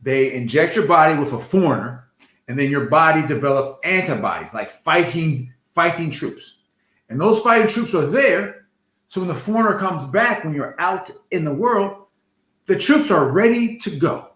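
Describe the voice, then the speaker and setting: A man's voice: fairly high pitch, animated, moderate pace, fairly bright tone, roomy sound. A man, an emergency physician, explaining vaccines in a jovial, plain-spoken way. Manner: jovial, laughs often, explains simply. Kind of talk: casual health talk.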